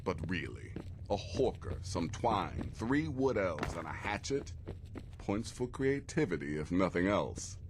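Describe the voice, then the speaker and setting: An actor playing a wry male assassin in a video game, deadpan and amused. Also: low voice, measured pace, noisy background.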